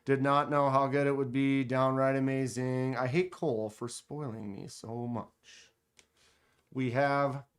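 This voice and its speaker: A man runs a casual livestream from a table indoors, chatting happily with viewers and reading their messages aloud. His voice is smooth and clean. He takes his time, in an unhurried, easy flow. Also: mid-range voice. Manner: chatty, enthusiastic, reads chat aloud. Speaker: knife channel host.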